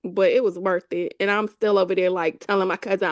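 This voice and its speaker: A woman hosting a casual chat, telling a story with lively acted-out quotes and frequent laughter. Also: medium pitch, fairly quick, dry recording. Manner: animated storyteller, acts out quotes, laughs often. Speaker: host.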